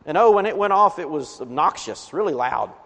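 Earnest pastor in a reverberant hall. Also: male voice, a little high, expressive, brisk, gravelly, a bit bright. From Appalachian region of the US. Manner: earnest preaching, emphatic swells on key words. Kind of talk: sermon.

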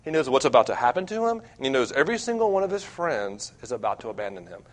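A young man preaching as a campus minister, earnest and self-deprecating, with wide swings between loud and quiet. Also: medium pitch, big pitch swings, quick pace. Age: young adult. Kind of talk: sermon.

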